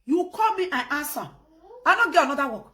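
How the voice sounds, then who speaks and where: A woman speaking with a Nigerian Pidgin English accent, hosting a live stream. Her voice sits high and swings widely. She moves from loud, laughing outbursts to low, easy phone chat. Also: very animated, a little fast. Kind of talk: casual live-stream rant.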